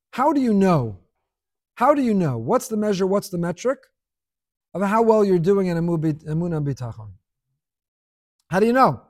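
Man preaching to a room, high pitch, dry close sound, lively and repetitive delivery. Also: dry recording. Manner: animated, rhetorical questions, repeats phrases for emphasis. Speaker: rabbi giving a class. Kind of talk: sermon. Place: room with an audience.

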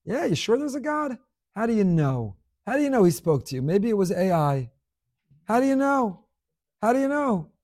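A man's voice: high-pitched, sing-song, moderate pace, darkish tone. A man voicing a sneering male tempter who needles with repeated doubting questions. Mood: taunting. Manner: needling, repetitive rhetorical questions.

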